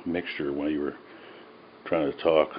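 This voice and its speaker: A man with a very low voice talks his way casually through a recipe in a home kitchen. He rambles and cracks self-mocking jokes. The sound is a little dull, with a faint hiss behind. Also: flat delivery, measured pace. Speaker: home cook. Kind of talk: casual cooking video.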